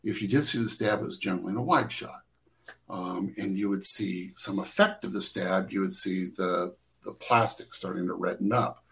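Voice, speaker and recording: A man with a fairly low voice tells long stories about shooting scenes, halting, restarting and stacking fillers as he goes. It is a relaxed interview, and he talks as a working camera operator. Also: vocal fry, poor audio. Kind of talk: casual storytelling interview.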